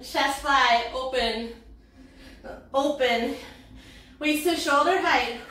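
A woman's voice: high voice, fairly bright tone, heavy reverb, far from the mic. A woman fitness instructor leading a workout class, counting reps and cheering with whoops and laughs, out of breath.

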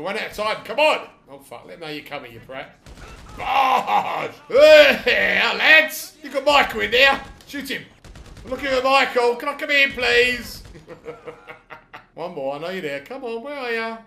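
Sweary British man with a gravelly, lively voice. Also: sits high, moderate pace. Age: middle-aged. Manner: sweary, laughing, chatty running commentary. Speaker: gamer playing through a video game. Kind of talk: casual let's-play commentary. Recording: echoey room.

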